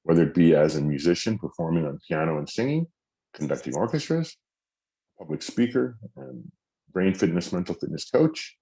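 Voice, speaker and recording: A man's voice: low-pitched, big pitch swings, normal speed, warm tone. A middle-aged man giving a masterclass talk as a mental fitness coach, earnest, acting out spoken phrases with shifting inflection.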